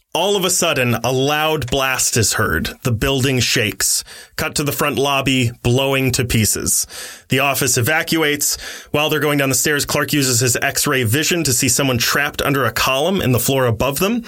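Brief: podcast host, male, bright and lively narration. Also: mid-range voice, normal speed. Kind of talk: casual story retelling.

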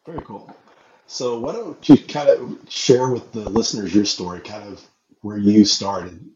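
Low-voiced male host in an echoey room. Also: measured pace. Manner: relaxed, hesitant questioning with fillers. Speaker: podcast host. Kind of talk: casual interview. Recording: echoey, muffled, with crowd noise.

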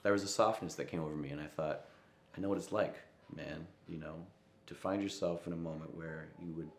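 In an interview, a young musician with a very deep, low voice reflects on a personal story, slipping into soft quoted asides. His tone stays steady and his pace fairly quick, with the room echoing around him and a slight hiss or hum in the recording.

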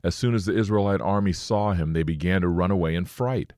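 A man preaching a sermon, reading scripture and slowing to stress his points. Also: deep voice, darkish tone, no echo, clean studio sound.

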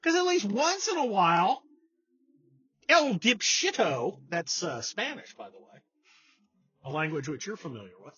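A man talking through a casual political chat, his voice husky and bright, his pitch swinging widely as he rants and mocks. The recording sounds dull and lo-fi. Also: a little slow, pauses often. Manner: sarcastic, animated, mocking impressions. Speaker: podcast host.

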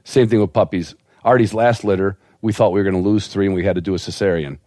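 A man telling a long story on a podcast in an animated, laughing way, as a guest who breeds dogs. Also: deep voice, fast talker, dry recording, clean studio sound.

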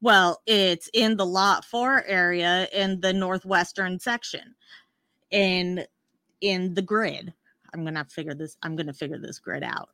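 Woman co-host, bright forceful tone, dry close sound; eager, joking recap chatter. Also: on the low side, a little slow, dry recording. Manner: enthusiastic, playful, self-deprecating. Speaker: podcast co-host. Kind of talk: casual chat recapping a TV episode.

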